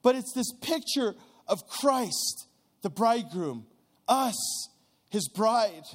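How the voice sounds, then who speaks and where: A man preaching a sermon in an earnest, conversational way, slowing down to stress key words. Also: sits high, animated. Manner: earnest, conversational, with restarts and drawn-out emphasis.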